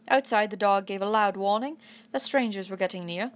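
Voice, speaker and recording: A woman narrating a classic adventure novel aloud in an imitated English accent, in steady first-person storytelling. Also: medium pitch, brisk. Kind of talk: storybook reading.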